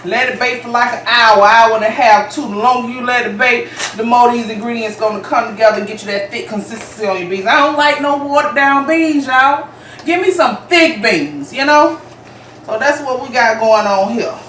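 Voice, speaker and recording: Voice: medium pitch, normal speed, sharp tone, far from the mic. Folksy Southern-accented home cook, roomy kitchen. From Jacksonville, Florida, US. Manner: chatty and folksy, talks straight to viewers as y'all. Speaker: home cooking show host. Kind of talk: casual cooking demonstration. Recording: roomy kitchen, off-mic, faint background hum.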